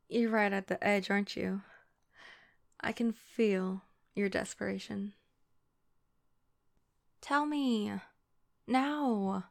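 Young woman, Valley Girl voice, heavy vocal fry, unhurried teasing delivery, playful girlfriend in an intimate audio role-play. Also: mid-range voice, little pitch movement.

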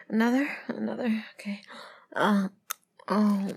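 A young adult woman in a whispered role-play, speaking in breathy whispers and low murmurs, giving commands while chewing and sighing. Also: lively intonation, measured pace, long pauses, a little mellow. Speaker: audio role-play performer.

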